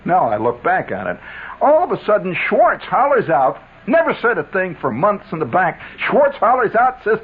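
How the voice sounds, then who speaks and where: A man's voice: high voice, moderate pace, breathy edge. A man telling a wry, rambling story as a radio storyteller, with lots of asides to his listeners. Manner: wry, animated, digressive. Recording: narrow phone-like 1970s radio sound.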